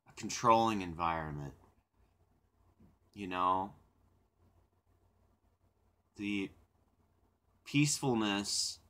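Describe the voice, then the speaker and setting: A young man hosting a live stream, chatting casually with viewers in a rambling way, with repeated words and laughter. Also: lowish voice. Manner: reflective and calm when talking about silence. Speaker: livestream host.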